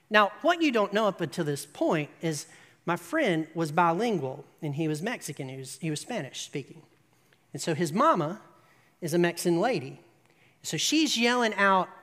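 An animated preacher tells a story, building to emphatic peaks and checking in with the listeners. The voice sits at a middling pitch and carries a long, echoing hall reverb. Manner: asks the audience "right?". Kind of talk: sermon storytelling.

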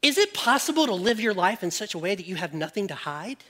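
Male preacher, sermon, high voice, bright tone, animated, quiet probing questions. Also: fast. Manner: animated, jokes with the audience, drops to quiet questions.

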